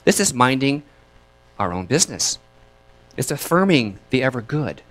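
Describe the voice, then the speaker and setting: Male minister, sermon, chatty delivery with a lively, swinging pitch, leads call and response. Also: normal speed. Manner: lively, chatty, laughs between thoughts.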